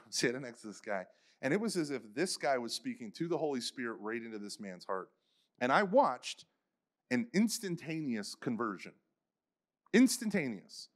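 A man giving a faith conference talk, telling stories casually with many "like" fillers and acting out the people he quotes. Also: mid-range voice. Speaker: conference speaker.

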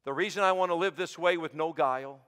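A man preaching a sermon as pastor, swinging from shouted peaks to hushed low asides. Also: fast, clean tone. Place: church sanctuary. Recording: sanctuary with long reverb.

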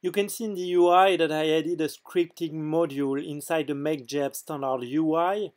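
A man with a French accent, French his first language, narrating a software demo in a hesitant way with frequent filler pauses. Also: on the high side, steady tone. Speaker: game mod developer.

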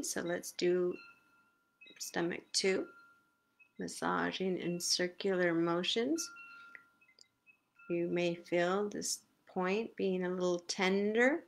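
A woman leading a live guided face massage session, giving slow, soothing step-by-step cues. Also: on the low side, creaky. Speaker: self-care instructor.

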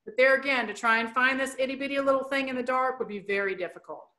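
A woman's voice: sits high, fast talker, bright, forceful tone. A woman educator giving an online presentation, explaining things plainly and chattily with playful asides.

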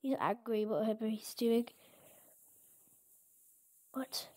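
High-voiced, excitable woman gaming. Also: slow. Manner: excitable, exclaiming at surprises. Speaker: gaming channel host. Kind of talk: casual gameplay commentary.

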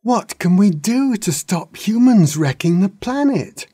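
A man voicing a gang of giddy, excited young dragons in a storybook reading. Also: a little high, slow pace, breathy edge, no echo, studio quality, voice pushed up, heavily acted. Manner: excited, shouting.

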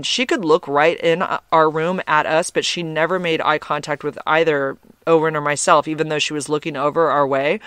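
A man's voice: fairly high pitch, fairly bright tone, smooth, no echo, studio quality. A man hosting a podcast, chatting loosely through a personal story with lots of "like" and blunt swearing. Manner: chatty, rambling, peppered with "like" and frank swearing. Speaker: podcast host.

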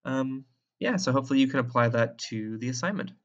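A man's voice: medium pitch, expressive, quick pace, lo-fi sound. A male instructor explaining a drawing step by step in an informal, thinking-aloud way. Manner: casual and thinking aloud, with many restarts. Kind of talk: screen-recorded tutorial.

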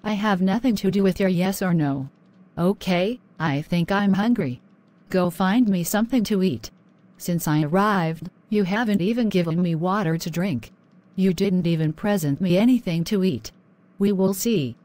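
A woman's voice: fairly low pitch, normal speed, a little mellow, close to an everyday voice. A woman voicing a stern, bossy older mother-in-law in a cartoon, with a cold, domineering manner. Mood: scolding.

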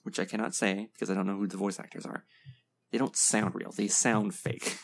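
A man's voice: on the low side, level tone, brisk, creaky. A man hosting a casual reaction video, giving blunt, opinionated commentary full of ums and short laughs. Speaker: video game reaction host.

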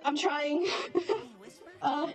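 A bubbly, giggly woman with a high, bright voice chats with her viewers on a home live stream, laughing often and sounding a little flustered. A robot voice filter colours her speech, and faint game music plays quietly behind her. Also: steady tone, very slow. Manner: flustered and self-deprecating. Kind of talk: casual live-stream chat.

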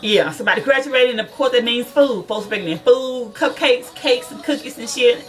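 A woman's voice: fairly high pitch, fairly quick, distant mic, soft background music. A woman who is a nail school student chats casually to her viewers from her car, swearing freely and calling them y'all.

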